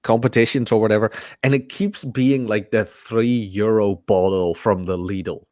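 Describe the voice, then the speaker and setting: A man's voice: lowish voice, steady tone, normal speed, a little mellow, no echo, clean studio sound. A man, chatting casually among friends and explaining things with fillers and easy laughter. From Netherlands. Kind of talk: casual chat.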